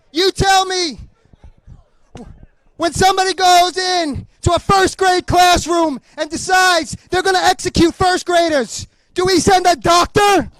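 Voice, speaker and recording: A middle-aged man gives a fiery, angry speech as a police union official, shouting to a crowd at an outdoor rally. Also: extremely high pitch, dry recording, rough recording. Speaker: police union vice president.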